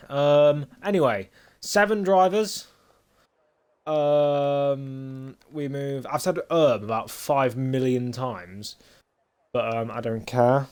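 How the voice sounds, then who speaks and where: A man's voice: mid-range voice, slow pace, a little mellow, smooth. A young man casually commentating a sim racing stream, rambling with lots of filler and cheeky, crude jokes.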